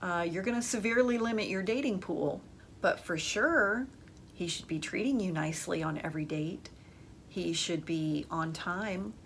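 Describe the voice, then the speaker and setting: A woman's voice: fairly low pitch, moderate pace, a little hiss or hum. A woman hosting an advice podcast, speaking emphatically and conversationally as she addresses her listeners directly. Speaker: dating advice host.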